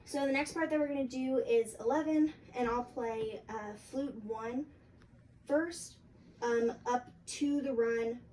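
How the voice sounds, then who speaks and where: A young adult woman gives a flute lesson in a casual, halting way, her explanations full of fillers. Her voice is on the high side and a little mellow, picked up by a distant mic with faint background noise.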